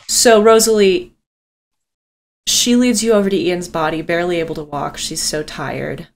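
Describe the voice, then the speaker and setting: A woman game master narrating a tabletop game with intensity, swearing freely and dropping low for solemn moments. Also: fairly even intonation, normal speed.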